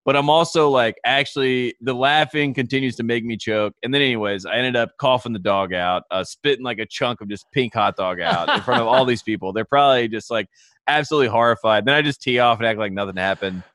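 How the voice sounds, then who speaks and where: A man's voice: mid-range voice, brisk, a bit bright, no echo. A man co-hosting a podcast in casual chat, rambling through self-deprecating stories. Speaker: podcast co-host.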